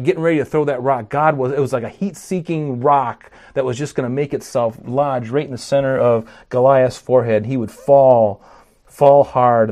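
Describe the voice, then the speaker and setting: Animated male preacher with mellow tone. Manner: animated preaching, acts out scripture quotes with rising pitch and volume; fillers and restarts. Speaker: pastor. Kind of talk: sermon.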